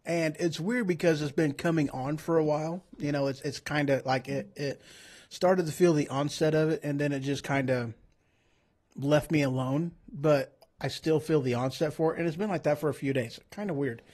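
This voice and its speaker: Man, livestream host, casual rambling chat, tangents, self-mocking, coming down with a cold, slightly high voice. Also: normal speed, a little mellow. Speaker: streamer host.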